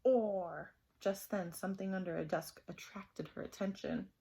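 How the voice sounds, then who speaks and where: A teacher reading a picture book aloud to her pupils in a gentle, expressive way. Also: medium pitch, unhurried, gravelly. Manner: expressive, gentle storytelling to children.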